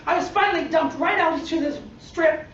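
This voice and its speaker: A woman's voice: very high voice, fairly quick. Far-off theatrical woman telling a tall tale. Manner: theatrical, playful, with sound effects. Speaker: contest speaker. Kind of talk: performed comic tall tale. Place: contest hall. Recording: echoey, dull room recording from far off, noisy.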